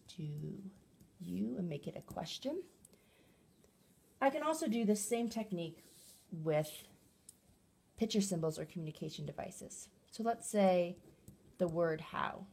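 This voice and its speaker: Woman speech therapist; breathy and a little low-pitched, patient teaching tone. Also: expressive, a little slow, long pauses, a little mellow. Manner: clear, patient, demonstrative. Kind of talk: educational explainer talk.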